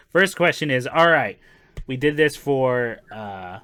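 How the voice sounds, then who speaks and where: Bright-voiced man chatting casually. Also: mid-range voice, expressive, takes it slowly. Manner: laughing, profane storyteller. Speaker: podcast co-host. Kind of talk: casual movie-review chat.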